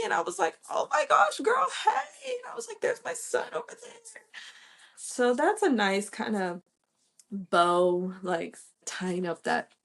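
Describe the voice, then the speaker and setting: Young us woman, slow and kinda low, chatty storytelling with lots of "like". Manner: chatty, fills with "like" and "okay", acts out quoted voices. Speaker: podcast host sharing her birth story. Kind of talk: personal storytelling monologue.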